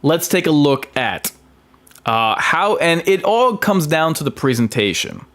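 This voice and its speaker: A man's voice: a little high, big pitch swings, a little slow, a bit bright. A man giving casual film commentary, emphatic, with frequent fillers and restarts. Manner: emphatic, with many ums and restarts.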